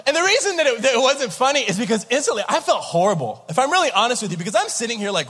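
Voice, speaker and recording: A man in his thirties preaching a sermon, telling a story with lively acted-out voices and laughter. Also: extremely high pitch, rapid-fire, few pauses, husky. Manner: animated storyteller, acts out voices, laughs along. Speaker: pastor. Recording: large hall with long reverb.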